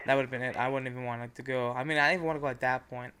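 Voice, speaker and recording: A man's voice: medium pitch, fairly even intonation, racing, sharp tone, clean tone. A young man telling a long travel story to his viewers, rambling and swearing, with lots of fillers. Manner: profane, rambling, frequent fillers. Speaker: vlogger. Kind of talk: casual storytelling rant.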